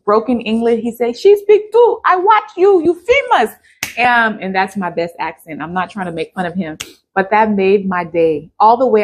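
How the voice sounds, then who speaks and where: A woman YouTuber talking casually and directly to her viewers in a chatty vlog. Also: medium pitch. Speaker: YouTube vlogger. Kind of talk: casual vlog talk to camera.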